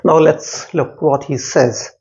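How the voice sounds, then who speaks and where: A man explains a poem line by line at a very slow, deliberate pace. He repeats words, corrects himself, and stretches out syllables as he sounds out words. His voice sits a little high and comes through a dull, lo-fi recording. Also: fairly even intonation, darkish tone. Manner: slow, halting delivery with many repetitions and self-corrections. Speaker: English literature teacher. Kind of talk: line-by-line poetry lesson.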